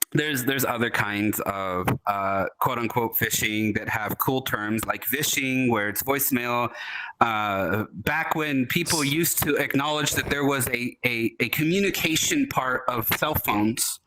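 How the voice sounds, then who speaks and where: A man's voice: medium pitch, a little slow, pushed and bright, poor audio. A man speaking casually on a convention panel about internet security, emphatic and rambling, with frequent restarts.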